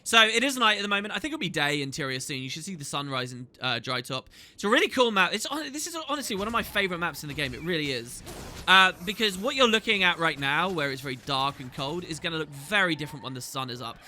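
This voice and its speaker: A man's voice: a little high, big pitch swings, fast, pushed and bright, slight background noise. A man hosting a gaming video, chatting casually as he plays and reading quest dialogue aloud. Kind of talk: casual gameplay commentary. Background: faint game music.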